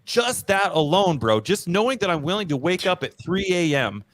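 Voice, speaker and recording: A man's voice: high voice, big pitch swings, moderate pace, fairly bright tone, no echo. A man hosting a casual podcast, telling his own story in a slangy, self-deprecating, emphatic way. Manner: slangy, storytelling, frequent "bro" and "dude". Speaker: podcast host.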